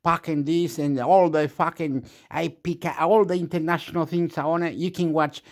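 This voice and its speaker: A man ranting at length, swinging between muttering and shouting and swearing a lot. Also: on the high side, fairly even intonation, moderate pace. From Australia. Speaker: vlogger reacting to clips. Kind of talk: rambling rant.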